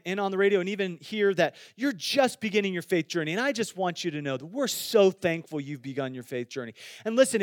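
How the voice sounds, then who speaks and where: A man's voice: high-pitched, dry recording, studio quality. A pastor preaching a sermon to a church and listeners online, earnestly repeating words as he explains scripture. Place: church with online and radio audience.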